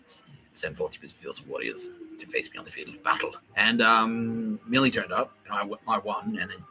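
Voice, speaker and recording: A man hosting a solo podcast, rambling excitably with lots of swearing and laughter, often acting out what others said. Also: fairly low pitch, moderate pace, soft background music, low-quality recording. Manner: excitable, profane, laughing, acts out quoted voices. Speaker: podcast host.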